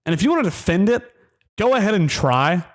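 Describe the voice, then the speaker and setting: A man's voice: sing-song, brisk. A man hosting a college football podcast, ranting heatedly and mockingly, then winding down into a rambling sign-off with many ums. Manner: heated, ranting, mocking, pitch jumps when worked up. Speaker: sports podcast host. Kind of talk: solo sports rant.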